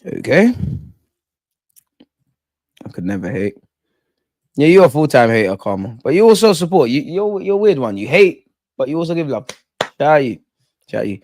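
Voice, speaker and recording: A man hosting a live football watch-along, chatting in excitable, slangy banter with his viewers. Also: fairly high pitch, normal speed, pauses often, dry recording. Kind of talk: live fan commentary and chat.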